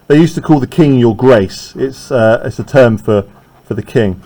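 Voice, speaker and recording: A man's voice: mid-range voice, normal speed, mellow, rough recording. A male teacher leading a classroom literature lesson, talking conversationally and often checking in with "right?".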